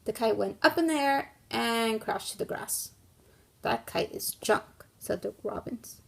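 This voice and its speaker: A woman teacher reading a picture book aloud to children and thinking aloud through why questions in a gentle, guiding way. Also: a little high, measured pace, vocal fry, husky. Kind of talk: classroom read-aloud and lesson.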